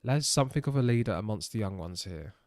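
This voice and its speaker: A man's voice: fairly low pitch, expressive, quick pace, a little mellow, no room sound, clean studio sound. A man voicing a friendly male messenger, reading with small stumbles. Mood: chatty.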